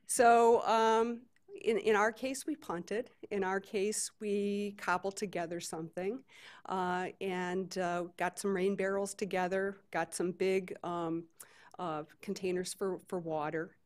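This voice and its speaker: A woman's voice: medium pitch, little pitch movement, takes it slowly. Woman moderating a conference panel. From Detroit, USA. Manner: conversational, many fillers and restarts. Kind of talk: conference talk. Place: conference hall stage.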